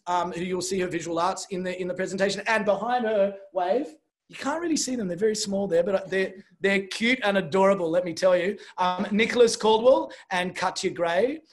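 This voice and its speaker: A man hosting a live online show, chatty and joking, rambling with fillers. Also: sits high. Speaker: host. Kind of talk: casual livestream hosting.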